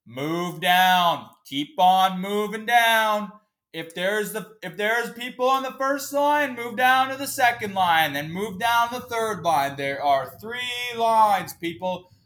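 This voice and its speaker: A man imitating a condescending male airport security guard who repeats his orders slowly and loudly. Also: high voice, animated, pitched above the performer's own voice, full character voice. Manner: slow, loud, patronizing repetition.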